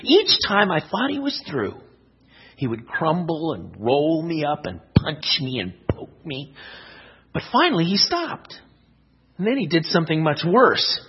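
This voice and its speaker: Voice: medium pitch, wildly swooping pitch, a little slow, breathy edge, muffled recording, pitched below the performer's own voice, heavily acted. A speaker voicing a talking clay vase that tells of its painful shaping in a children's story, crying out as it goes. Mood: pained, recounting. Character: talking clay vase, proud, once suffering.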